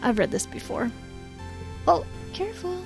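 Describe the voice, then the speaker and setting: A woman's voice: very high voice, very animated, moderate pace, creaky, soft background music. A woman streaming a story game live, chatting and reading the game text aloud.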